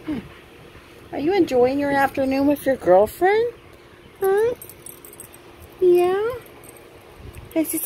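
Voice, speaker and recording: A woman cooing affectionately at her dogs in drawn-out baby talk. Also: high voice, sing-song, dark tone, slight background noise. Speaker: dog owner.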